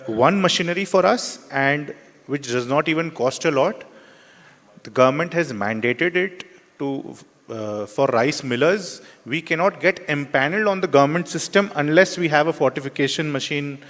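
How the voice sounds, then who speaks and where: A man's voice: fairly high pitch, a bit bright. A man, a rice miller on a panel, explaining things in plain, practical terms. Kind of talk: panel discussion answer. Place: conference hall. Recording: reverberant conference hall.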